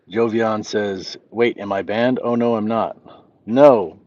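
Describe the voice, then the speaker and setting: A man hosting a casual livestream, reading viewers' comments aloud and answering them in a relaxed, friendly way. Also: lowish voice, takes it slowly, dull audio. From Southwest United States. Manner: reads chat messages aloud, relaxed and friendly. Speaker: livestream host. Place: walking outdoors.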